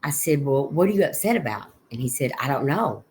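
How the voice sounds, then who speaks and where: A middle-aged woman, a guest on an interview podcast, recounting her son's final months in a halting way, with many restarts and recalled conversations. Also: very deep voice, expressive, darkish tone, slight background noise. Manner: halting, with frequent restarts and quoted dialogue. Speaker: guest, bereaved mother. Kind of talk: personal account in an interview.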